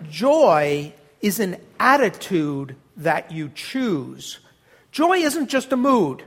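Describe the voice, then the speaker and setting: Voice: mid-range voice, sing-song, slow, breathy edge. A pastor preaching a sermon to a congregation, emphatic and encouraging, leading the church in repeating a phrase back. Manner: emphatic, leads congregation in call-and-response.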